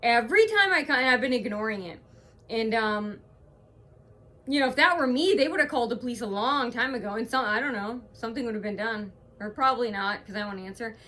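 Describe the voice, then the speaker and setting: Brief: woman vlogger at home, bright and tense voice, halting aggrieved rant. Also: a little high, animated. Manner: rambling, aggrieved retelling full of hesitations. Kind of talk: casual to-camera vlog monologue.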